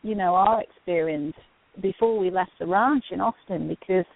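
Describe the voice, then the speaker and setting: A woman hosting an interview, chatty and quick to laugh. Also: lowish voice, vocal fry. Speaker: host. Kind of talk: interview chat. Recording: dry phone-like line.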